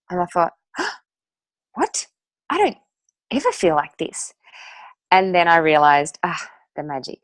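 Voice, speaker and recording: A woman with a fairly low-pitched voice, recorded dry, shares a testimonial as a guest speaker. She tells her personal story to an audience in a chatty, emphatic way.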